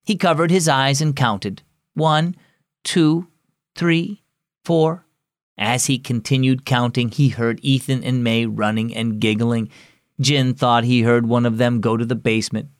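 A man hosting and narrating a scripted children's devotional story, reading clearly and expressively. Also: mid-range voice, fairly even intonation, unhurried, no room sound, clean studio sound.

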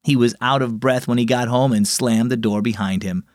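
A man hosting a children's devotional program, narrating a scripted story with an expressive read-aloud manner. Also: medium pitch, normal speed, no echo, clean studio sound.

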